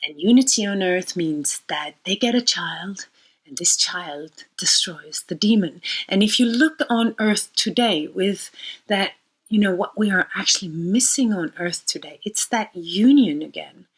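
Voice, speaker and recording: In this low-quality clip, a woman with a husky, mid-range voice talks in an animated but slightly slow manner. As an astrologer, she tells a myth and muses on it personally and at length, occasionally sinking to a near whisper.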